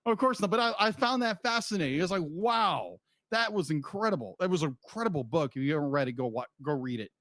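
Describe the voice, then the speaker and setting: A man co-hosting a podcast, talking loosely and restarting his sentences as he goes. His voice sits on the higher side. The sound is dry and close, with no room around it. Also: animated, fast talker, hardly any pauses, fairly bright tone, dry recording. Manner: rambling, with frequent restarts and laughs. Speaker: podcast co-host. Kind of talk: casual chat.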